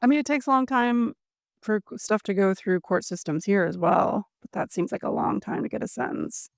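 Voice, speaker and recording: A woman's voice: medium pitch, normal speed, creaky, no room sound, studio quality. A woman co-hosting a podcast, chatting and recapping a story with sympathy. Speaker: podcast co-host. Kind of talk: casual chat.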